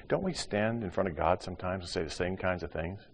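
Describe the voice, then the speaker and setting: Older male pastor, sermon delivery, animated with hushed drops, low-pitched voice, reverberant sanctuary sound. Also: fairly quick, slight background noise. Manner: animated, acts out voices, swings from loud to hushed. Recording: long hall reverb.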